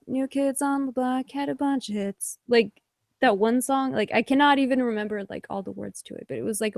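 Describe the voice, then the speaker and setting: A woman's voice: on the high side, gravelly, dry recording, studio quality. A woman hosting a casual online group chat, chatty and apologetic, filling her speech with "like.". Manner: chatty, apologetic, many likes. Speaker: host.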